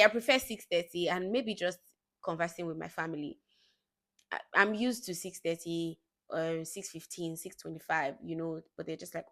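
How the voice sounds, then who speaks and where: A woman's voice: lowish voice, fairly even intonation, normal speed, fairly bright tone. A young woman vlogging in a casual chat to the camera, telling stories with laughing asides. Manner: chatty storytelling with laughing asides.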